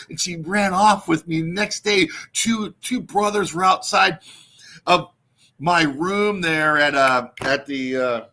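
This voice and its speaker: Man, livestream host, rambling profane ranter, high voice. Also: takes it slowly, sharp tone. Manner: profane, rambling, laughs at own jokes. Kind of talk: casual ranting livestream monologue.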